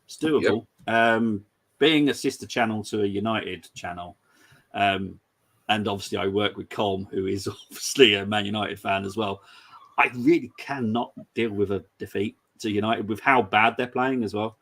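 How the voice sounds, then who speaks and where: Gravelly-voiced man hosting a football chat. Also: lowish voice, normal speed, a bit bright. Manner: chatty, giggly, reads out viewer comments. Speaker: host. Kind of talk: casual football preview chat.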